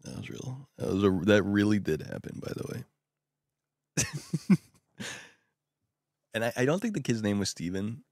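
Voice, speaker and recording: A young man chats casually and rambles, his low voice sliding up and down with excitement. His voice is gravelly and full of fry. It is close and dry, recorded at home at night. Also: normal speed, long pauses, no echo. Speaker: vlogger. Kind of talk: casual chat.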